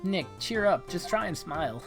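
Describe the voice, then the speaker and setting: A man's voice: high-pitched, lively intonation, normal speed, music in the background, pitched above the performer's own voice. A man reading aloud the lines of a cheerful young female spirit medium from a game. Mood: perky. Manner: cheerful, upbeat. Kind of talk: game dialogue read aloud.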